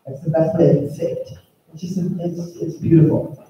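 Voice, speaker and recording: A woman presents slides to an audience during a spiritual talk, enthusiastic and rambling, restarting often. Her warm voice sits low with little pitch movement at a moderate pace, and the recording sounds echoey, distant and dull.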